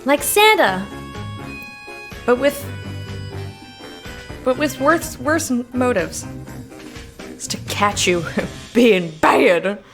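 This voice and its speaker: Giggly woman streamer chatting w/ her chat, high voice that jumps all over, slow easy pace. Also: expressive, soft background music. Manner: giggly, laughs hard and often; chatty, reads and answers chat. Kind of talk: casual live-stream chat.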